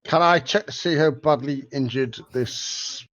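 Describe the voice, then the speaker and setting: A man's voice: mid-range voice, measured pace, fairly bright tone. An older man playing a tabletop game, joining in with blunt, laughing banter. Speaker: player. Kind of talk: casual tabletop play. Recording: dull, dry lo-fi sound.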